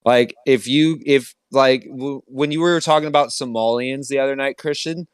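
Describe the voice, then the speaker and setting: A man's voice: mid-range voice, steady tone, normal speed, smooth, dry recording. A young man rambling in casual chat with friends, laughing often as he talks.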